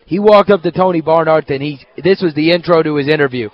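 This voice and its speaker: A man hosting a sports radio show, telling stories in an animated, casual way. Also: on the high side, quick pace, dull audio. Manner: animated storyteller, excitable. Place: hotel at a media event.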